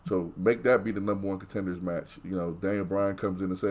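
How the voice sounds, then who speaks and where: A man's voice: low voice, steady tone, a little fast, hardly any pauses, a little mellow. A man co-hosting a podcast, giving blunt, opinionated takes in casual, profane chat. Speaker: podcast co-host.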